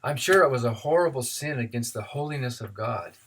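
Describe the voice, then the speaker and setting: A man's voice: medium pitch, expressive, a little fast, fairly bright tone. A man voicing a nervous teenage boy confessing to a priest, anxious and evasive. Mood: pleading.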